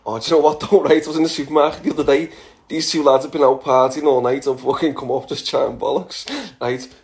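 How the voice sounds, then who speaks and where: A man's voice: fairly high pitch, darkish tone. A man in his thirties with a Liverpool accent, answering follower questions in a blunt, laughing, heavily swearing chat. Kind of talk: casual Q&A chat.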